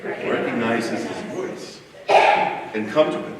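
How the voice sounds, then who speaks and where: A man preaching a sermon as pastor, telling stories in a lively way with stumbling restarts, recorded from a distance in a church. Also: mid-range voice, takes it slowly, crowd noise. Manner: animated and storytelling, with stumbling restarts. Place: church sanctuary. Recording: echoey church hall picked up from far off.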